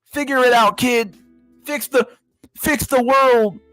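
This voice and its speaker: A man's voice: very high-pitched, takes it slowly, fairly bright tone, no echo, soft background music, pitched above the performer's own voice, exaggerated voice, low-quality recording. A man voicing a spiteful old man who taunts his grandson on his way out. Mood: taunting. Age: older. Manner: taunting, sneering.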